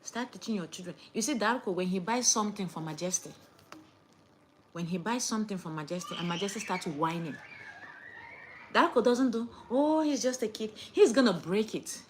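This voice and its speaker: A young woman, lecturing viewers in a casual chat to camera and swinging between loud outbursts and hushed asides. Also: medium pitch, animated, moderate pace, a little hiss or hum. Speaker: vlogger.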